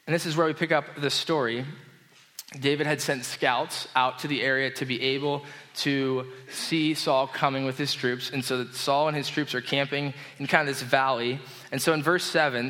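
A man preaching a casual, conversational sermon, explaining a story with relaxed enthusiasm. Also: fairly high pitch. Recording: long reverb of a hall.

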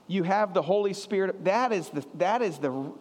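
A man's voice: sits high, animated, moderate pace, a little mellow, big-room sound. A man preaching a sermon as a pastor, earnest and emphatic, often repeating his phrases for weight.

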